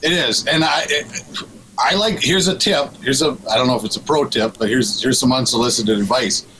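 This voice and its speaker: A man speaks casually as a radio guest, his voice sitting in an ordinary middle pitch. He rambles with many restarts and breaks into laughter, and a faint noise sits under the voice. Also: moderate pace. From Minnesota.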